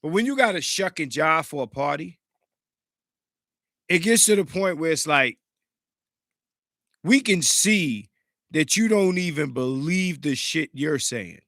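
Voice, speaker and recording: A man hosting a podcast in a casual, profane, animated way, greeting live chat viewers, sounding slightly congested. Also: fairly high pitch, unhurried, long pauses, dry recording, clean studio sound. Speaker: podcast host.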